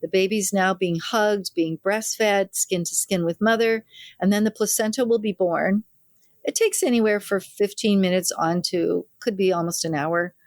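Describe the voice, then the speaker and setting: In clean, dry studio audio, a medium-pitched older woman speaks at normal speed. She's a midwife in an interview, telling family stories with vivid flair and giving voice to each quoted relative.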